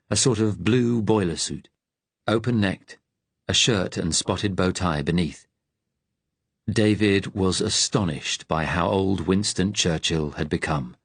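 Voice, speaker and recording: A man reading an audiobook in a measured, even narration. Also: on the low side, husky, dry recording.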